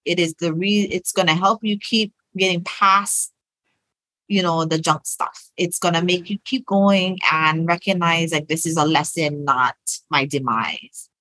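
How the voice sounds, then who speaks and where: A woman's voice: lowish voice, fairly even intonation, unhurried, bright, forceful tone, dry recording, rough recording. A woman talking casually as a guest, earnest and encouraging. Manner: earnest and encouraging, with fillers and restarts. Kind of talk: casual conversation.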